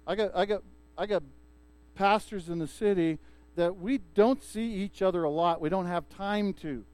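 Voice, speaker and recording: Smooth-voiced male pastor preaching. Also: high-pitched, normal speed, dry recording. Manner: lively storytelling with restarts. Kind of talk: sermon.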